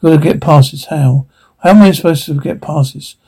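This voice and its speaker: An actor playing a broke, bitter blue-collar father in an animated comedy, ranting profanely and full of self-pity. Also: on the high side, fairly quick, breathy edge.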